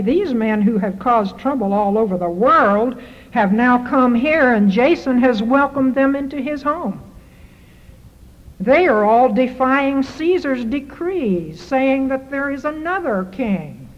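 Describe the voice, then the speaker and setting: A woman's voice: fairly high pitch, expressive, a little slow. A woman preaching a sermon, driving her points home with repeated rhetorical questions. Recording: muffled hall recording with reverb.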